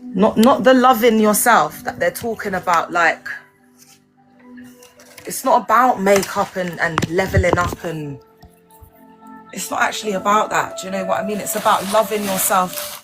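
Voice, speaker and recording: A woman's voice: medium pitch, normal speed, pauses often, over music. Chatty woman on a live stream. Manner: chatty, frank, many tag questions and terms of endearment. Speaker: livestream host. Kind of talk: rambling live-stream chat. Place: at home.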